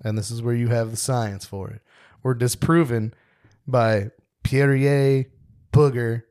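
A young man co-hosts a podcast in loose, casual chat, cracking jokes and laughing easily. His voice sits at an ordinary middle pitch for a man. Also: steady tone, slow, darkish tone, clear, resonant tone. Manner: joking, laughs often. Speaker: podcast co-host.

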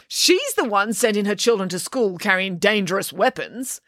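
A woman's voice: mid-range voice, expressive, moderate pace, a bit bright, no room sound, clean studio sound, pitched above the performer's own voice. A woman reading a storybook, voicing a bold, bossy female pig nanny with grand, indignant declarations.

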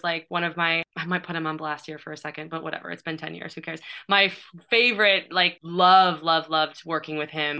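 A woman's voice: sits low, sharp tone, clear, resonant tone. A woman in her thirties, a playwright and performer, chatting in an interview with lots of fillers and restarts. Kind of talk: casual interview chat.

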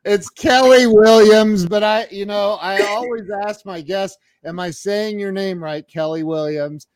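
A man's voice: high-pitched, steady tone, measured pace, dry recording. A man hosting a casual live-stream interview, jokey and chatty, greeting viewers by name. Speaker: podcast host.

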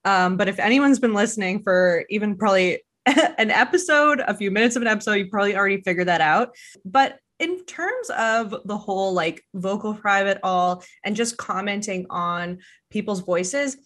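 A woman's voice: mid-range voice, lively intonation, moderate pace, fairly bright tone. Chatty self-deprecating woman podcast host. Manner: rambling, self-deprecating, swears casually. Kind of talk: casual chat.

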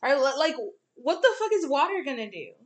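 High-voiced young woman, animated and profane. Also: fairly quick. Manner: animated, profane, laughs often. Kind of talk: casual chat.

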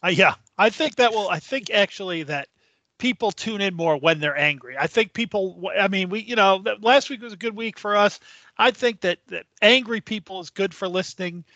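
A man's voice: high-pitched, normal speed, bright, forceful tone, no echo, highs cut off. A man co-hosting a sports podcast, griping bluntly with frequent swearing. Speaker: podcast co-host. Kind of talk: casual podcast banter.

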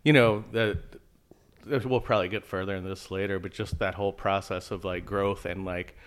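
A man's voice: sits low, fairly even intonation, normal speed. A man, a podcast guest who talks easygoing and jokey, thinking aloud with lots of fillers. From Richmond, Virginia, US. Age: 50s. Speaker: podcast guest, mental health counselor. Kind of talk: casual interview chat.

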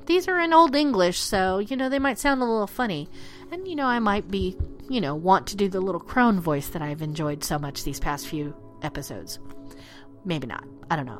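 A woman's voice: fairly high pitch, a bit bright. A woman hosting a history podcast, reading dramatically and breaking into joking asides. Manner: reads dramatically, then drops into joking asides. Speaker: podcast host.

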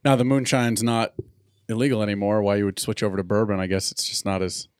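A man's voice: lowish voice, fairly even intonation, fast, smooth, dry recording, studio quality. A man hosting a casual chat while tasting bourbon, rambling and self-deprecating, often laughing. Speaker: podcast host.

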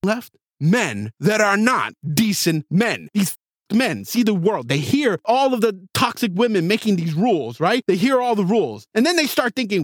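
A man hosts a podcast and rants with conviction, his pitch swinging all over the place. The sound is dry and close, with no room around it. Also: sing-song, normal speed, no room sound. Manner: impassioned, ranting, pitch swings widely. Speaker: podcast host. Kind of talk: opinionated monologue.

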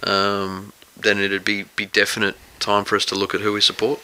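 Bright-toned man, dry quips. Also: fairly low pitch, monotone, moderate pace, clean tone, rough recording. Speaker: podcast co-host. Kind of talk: casual sports chat.

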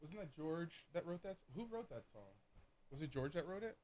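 A man's voice: a little high, animated, darkish tone. A young man co-hosting a podcast, riffing on ideas, asking questions and laughing readily in casual chat. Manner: quick to laugh, riffs on ideas, asks questions. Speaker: podcast co-host.

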